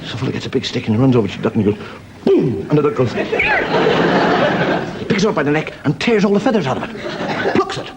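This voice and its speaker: Comic spinning a yarn, bouncy up-and-down voice, bit high. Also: male voice, very noisy. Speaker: comedian. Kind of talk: stand-up storytelling.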